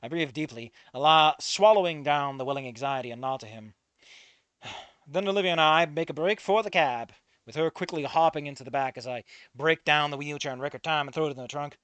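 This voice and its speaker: Casual male fan-fic reader, wry delivery, crisp slightly high tone. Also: fairly quick, fairly bright tone, no room sound. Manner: casual, wry narration with swearing. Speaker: story reader. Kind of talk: first-person fan story reading.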